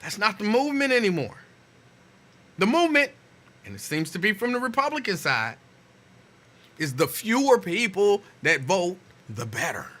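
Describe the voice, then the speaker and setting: Host: man with a piercing, sharp, fairly high voice, easy conversational delivery. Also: sing-song, moderate pace, long pauses. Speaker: radio show host. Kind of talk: casual talk radio.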